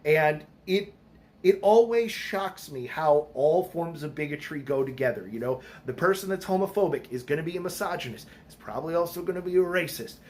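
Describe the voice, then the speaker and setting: A man's voice: fairly high pitch, lively intonation, fairly quick. Blunt, profane middle-aged man. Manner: blunt, profane, storytelling with quoted voices. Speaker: vlogger. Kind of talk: casual storytelling monologue.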